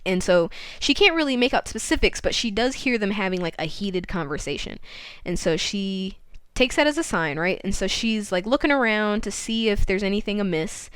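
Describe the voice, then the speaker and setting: A woman podcast host casually retelling a novel's plot, jumping into quick voiced quotes of the characters. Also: medium pitch, lively intonation, clear, resonant tone, no echo. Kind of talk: casual book recap.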